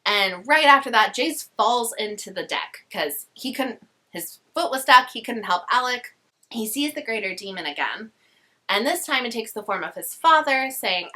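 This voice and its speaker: A woman's voice: a little high, bright, forceful tone. A young woman casually summarizing a novel in a chatty, sarcastic way with slangy asides. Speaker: book vlogger.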